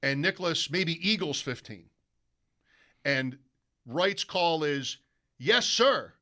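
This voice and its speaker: A male sports radio host telling a long anecdote in casual studio chat, animated and mimicking broadcaster calls. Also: fairly high pitch, slow pace.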